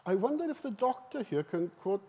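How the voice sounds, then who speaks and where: A man giving a conference seminar talk. He is emphatic and lively and often turns questions to the audience. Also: high voice, fairly quick, lo-fi sound. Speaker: seminar speaker. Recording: live talk in a hall.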